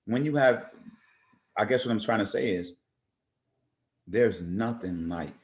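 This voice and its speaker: A man's voice: fairly low pitch, unhurried. A man who is a rapper, talking as a guest in a casual interview, earnest and emphatic, often repeating words as he builds his point.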